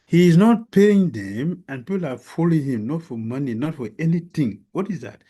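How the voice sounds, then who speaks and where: A man giving a devotional lecture as a spiritual teacher, telling a story slowly and with emphasis, with many pauses and fillers. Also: fairly high pitch, lively intonation, warm tone. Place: lecture hall.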